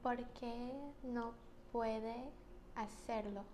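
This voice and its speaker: A woman answering her teacher's questions with quiet, brief, sometimes tentative replies during a lesson. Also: on the high side, level tone, very slow. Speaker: student. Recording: echoey room, off-mic with faint noise.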